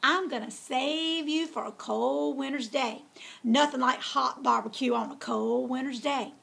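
A sly, greedy storybook fox who answers in short, grudging words, as a woman reads him. The voice has a gravelly, breathy grain, pitched fairly high. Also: unhurried, a bit bright, full character voice. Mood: gloating. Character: sly greedy male fox, gruff and terse.

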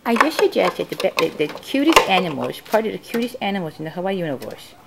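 A woman's voice: on the low side, sing-song, fast talker, gravelly, very noisy. A woman showing her guinea pigs in a casual home video at home, talking in cooing baby talk to her pets, filmed on a handheld camera. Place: indoors at home.

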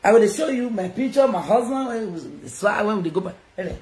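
A Nigerian woman chatting casually to her followers, loud and teasing, often laughing. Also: mid-range voice, expressive, fairly quick. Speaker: social media personality. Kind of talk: casual self-recorded chat to followers. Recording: echoey room with faint noise.

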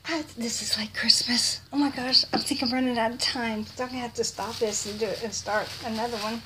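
Her voice is a little high and bright, steady in tone, slightly fast and forceful, with a bit of hiss or hum in the audio. She's a Texan vlogger gushing with breathless delight over baby clothes in a casual unboxing, frequently slipping into whispers.

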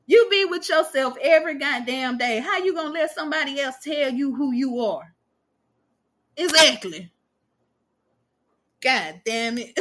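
A woman in her twenties holds forth on her podcast in a loose, casual monologue. She speaks bluntly and emphatically, swearing freely and addressing listeners directly. Her voice sits a little high and sounds bright and forceful. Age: 20s. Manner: blunt, profane and emphatic, talks straight to listeners. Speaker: podcast host.

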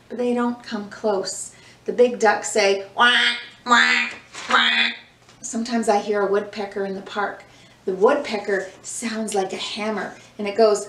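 Slow gentle woman reading to children. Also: medium pitch. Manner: slow and gentle, with sound effects acted out for children. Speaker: children's yoga and mindfulness teacher. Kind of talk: reading a picture book aloud to children, then guiding movement. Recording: echoey room, mic at a distance, soft music.

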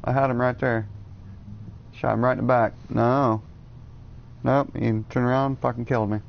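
A man's voice: medium pitch, level tone, moderate pace, gravelly, lo-fi sound, slight background noise. A man giving jokey, rambling commentary while playing a video game, cursing often and drifting into absurd tangents. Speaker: let's play gamer.

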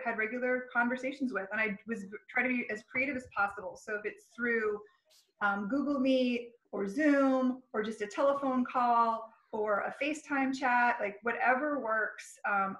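A woman's voice: on the high side, fairly bright tone, reverberant, low-quality recording. A woman school counselor talking casually about her work in an interview, friendly and chatty. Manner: friendly, chatty, laughs easily.

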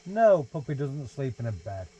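A man's voice: mid-range voice, sing-song, moderate pace, dull audio. A young man, reading a picture book aloud to his baby in playful sing-song baby talk, inside a small caravan. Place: small holiday caravan, indoors. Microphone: 360 VR camera nearby.

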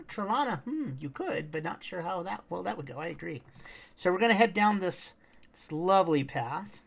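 A woman's voice: fairly low pitch, expressive, moderate pace, vocal fry. A woman streaming a game walkthrough, chatting casually to her viewers and her in-game pet, sometimes humming or singing snatches. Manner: chatty, talks to her pet and chat, hums and sings snatches.

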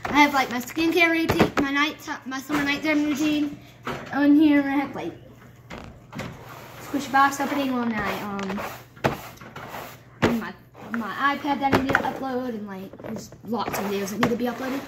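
A woman's voice: high voice, normal speed, long pauses. A young woman vlogging casually at home while cleaning a rabbit cage, rambling and playfully scolding her pets. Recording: loud background noise.

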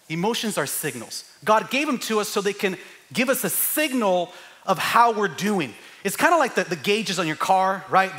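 A middle-aged man preaching a lively church sermon, joking with the congregation and building to shouts. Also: sits high. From United States. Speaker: pastor. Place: church sanctuary.

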